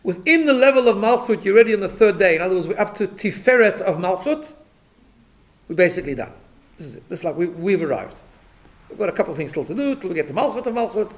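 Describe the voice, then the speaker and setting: A rabbi with a high-pitched voice and lively intonation teaches a Torah class quickly, explaining step by step. He often checks in with his listeners and repeats words when he restarts.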